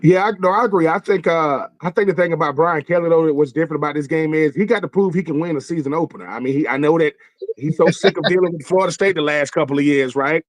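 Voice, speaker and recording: A man in a casual sports debate, talking in a colloquial, emphatic way with quick asides. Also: fairly high pitch, no echo. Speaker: panelist.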